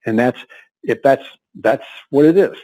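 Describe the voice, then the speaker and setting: Older man telling lively stories. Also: medium pitch, measured pace, rough recording. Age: 70s. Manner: lively anecdotes, frequent laughter and word repetition. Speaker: interview guest. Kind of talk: conversational storytelling.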